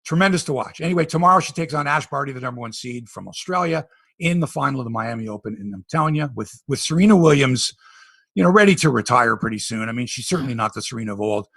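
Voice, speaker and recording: A Canadian man hosting a casual sports podcast, telling stories with animated tangents. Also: medium pitch, fast talker, no room sound. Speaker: podcast host.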